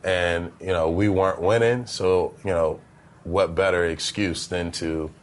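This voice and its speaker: A man's voice: low-pitched, fairly even intonation, measured pace, low-quality recording. A man guest on a casual podcast interview, telling stories in a laid-back way with frequent fillers and laughs. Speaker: former basketball player guest.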